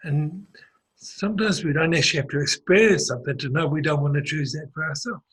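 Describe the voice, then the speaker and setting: A man's voice: fairly high pitch, fairly quick, fairly bright tone, slightly rough, low-quality recording. A man with a New Zealand accent chatting casually, telling a story in a rambling way with many restarts and fillers. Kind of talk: casual conversational chat.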